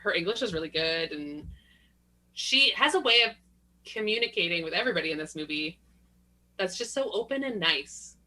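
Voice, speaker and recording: A young adult woman co-hosts a casual podcast chat with a bright, forceful tone. She tells animated, profane stories full of quoted voices and laughs often. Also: on the low side, normal speed. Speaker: podcast co-host.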